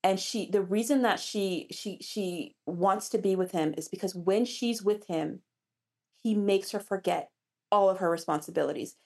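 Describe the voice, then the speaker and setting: A woman's voice: medium pitch, moderate pace, creaky, a little mellow. A woman romance author as an interview guest, chatting animatedly with frequent restarts. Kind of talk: casual interview chat.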